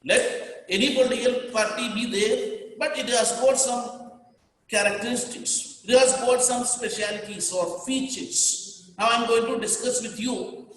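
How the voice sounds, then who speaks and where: Indian male teacher, high voice, emphatic and repetitive, booming hall reverb. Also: steady tone, measured pace, fairly bright tone. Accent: Indian English. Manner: repetitive, emphatic, dictating to students. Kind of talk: classroom lecture.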